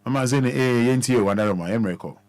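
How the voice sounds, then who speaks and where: A man's voice: mid-range voice, very fast, darkish tone. A man with a Ghanaian accent hosting a radio phone-in from the studio, mixing Twi and English in short prompts to callers. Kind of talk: radio call-in chat.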